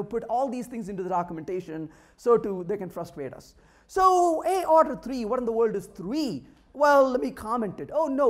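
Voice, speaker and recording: A man giving a humorous technical talk at a meetup, polling the audience and trading wry jokes with them. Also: sits high. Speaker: conference speaker. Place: meetup room.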